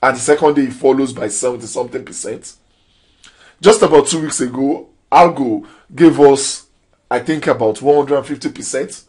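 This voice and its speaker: A man's voice: medium pitch, moderate pace, darkish tone, husky. A man giving a motivational trading lesson, preachy and full of rhetorical questions with rising emphasis. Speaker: crypto trading trainer. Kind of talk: motivational training talk.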